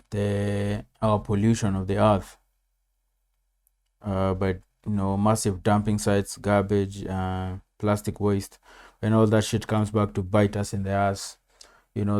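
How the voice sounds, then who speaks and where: A man reacting to a clip in relaxed, casual commentary, cursing freely and tossing "man" into his sentences. His voice sits low with a warm, mellow tone. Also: smooth. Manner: laid-back, swears, says "man" often. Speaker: reaction video host.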